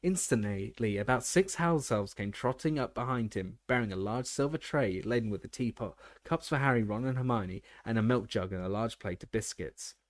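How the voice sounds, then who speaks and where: Steady male audiobook narrator, dry sound. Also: on the low side, moderate pace, hardly any pauses, dry recording. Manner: steady reading with occasional slips and restarts. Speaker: audiobook reader.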